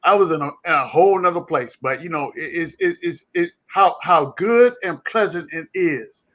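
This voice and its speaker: A man co-hosting a casual sports chat, animated and rambling, with many restarts. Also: a little high, moderate pace, muffled recording. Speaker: podcast co-host. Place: home.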